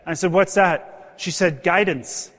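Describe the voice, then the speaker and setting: An earnest man with a high voice tells stories to a live audience. He speaks with feeling, and his voice rings out with a long reverb through a large hall. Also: unhurried, a bit bright. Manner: earnest, emotional, rises in pitch when stirred. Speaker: motivational speaker. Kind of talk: storytelling speech to an audience.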